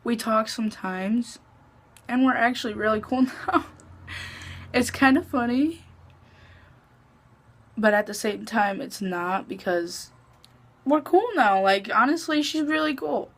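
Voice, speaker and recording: A woman's voice: on the high side, a little slow, pauses often. A woman vlogger casually telling a personal story, chatty, full of "like" and swearing freely.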